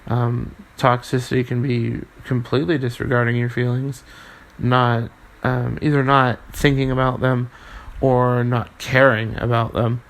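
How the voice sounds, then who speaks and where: Halting, gravelly young man podcasting. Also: medium pitch, level tone. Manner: halting, many restarts and fillers, earnest; swears casually. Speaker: podcast host. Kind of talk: casual solo podcast monologue.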